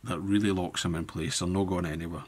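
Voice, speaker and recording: A man demonstrating fly tying step by step, talking in a relaxed way as he works with his hands. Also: low voice, fast. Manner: relaxed, thinking aloud while working with hands. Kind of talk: step-by-step tutorial narration.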